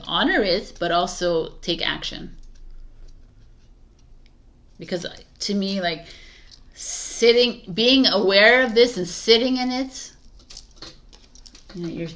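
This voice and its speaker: Lower-pitched woman giving a casual tarot reading. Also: fairly bright tone. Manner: casual, repetitive restarts, emphatic advice. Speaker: tarot reader. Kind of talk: spoken tarot reading to viewers.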